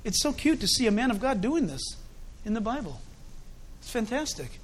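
A man preaching a sermon in an animated, conversational way, with chuckling asides. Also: very high-pitched, moderate pace.

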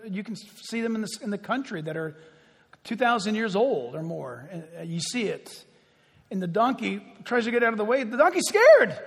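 A male pastor preaching a sermon with animated storytelling and chuckling asides, in a church hall. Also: high-pitched, slightly rough. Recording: echoey hall.

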